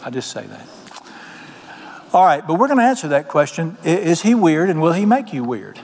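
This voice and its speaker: Folksy preacher in a reverberant hall. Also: male voice, on the high side, very animated, normal speed, creaky, darkish tone. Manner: folksy storytelling preacher, quotes people in voices, asks the congregation questions. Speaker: pastor. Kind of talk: sermon.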